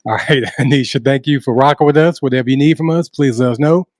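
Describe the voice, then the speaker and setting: A man co-hosting a sports talk show, asking the guest questions in a relaxed way. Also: mid-range voice, fast, no echo, studio quality. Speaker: co-host. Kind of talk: casual interview questions.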